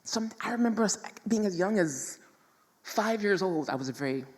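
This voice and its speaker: A woman from New York City telling a personal story to an audience in a stage talk, animated and emphatic, laughing often. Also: medium pitch, moderate pace, slightly rough, long reverb tail.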